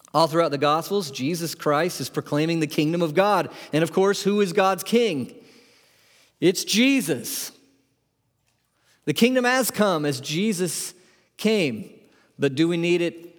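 A man's voice: on the high side, big-room sound. A man preaching a sermon to his congregation, conversational and full of questions to the room. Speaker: pastor. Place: church sanctuary.

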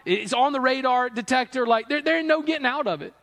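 Stern lecturing traffic cop, put on by a man, high voice, long hall reverb. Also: lively intonation, fast talker, gravelly, fairly bright tone, exaggerated voice. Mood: scolding. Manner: lecturing, repeating the charge. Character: stern male police officer at a traffic stop.

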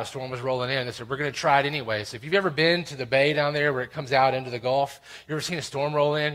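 A man preaching a sermon, swinging between loud exclamations and quiet, intimate asides. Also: mid-range voice. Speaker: pastor.

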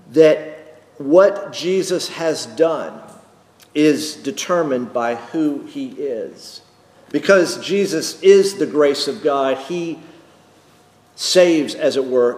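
A male pastor preaching a sermon slowly and emphatically, repeating key phrases for weight. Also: fairly high pitch. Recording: echoey hall with long reverb.

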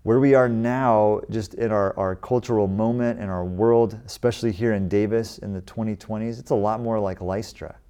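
A man's voice: fairly low pitch, steady tone, moderate pace, hardly any pauses, dark tone, clean tone. A man in his forties from the United States preaching a sermon in a conversational way, lifting his voice when he quotes scripture. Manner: conversational, rising with emphasis when quoting scripture. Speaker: pastor.

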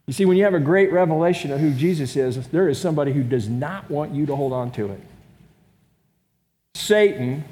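Preaching to his congregation in a conversational way, this man, a pastor, poses rhetorical questions. He sounds a little high, animated, brisk and mellow, recorded with the long reverb of a large room.

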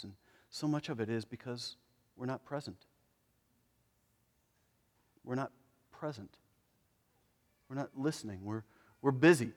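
A man preaching a sermon in a conversational way, moving between emphatic lines and hushed ones. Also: mid-range voice. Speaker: pastor. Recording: long reverb of a large hall.

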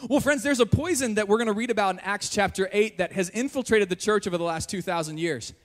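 A young man, a junior high pastor telling a jokey, animated story in a sermon before a church crowd. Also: fast. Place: large church hall. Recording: reverberant church hall.

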